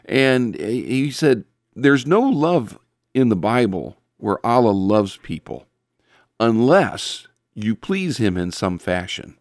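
A man preaching a sermon in an earnest way, quoting scripture and often pausing with fillers and restarts. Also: medium pitch, very animated, dry recording, clean studio sound.

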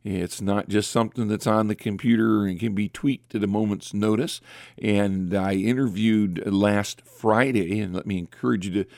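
A man hosting a late-night radio call-in show as a pastor, talking in a relaxed, chatty way with many fillers and restarts. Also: on the low side, vocal fry, dry recording, clean studio sound.

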